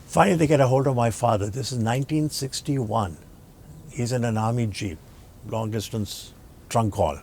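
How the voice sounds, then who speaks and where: An older man from India, a doctor being interviewed, telling childhood stories with lively acted-out dialogue. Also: medium pitch, normal speed, a little hiss or hum. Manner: animated storyteller acting out dialogue. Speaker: guest, doctor and professor. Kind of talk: storytelling in an interview.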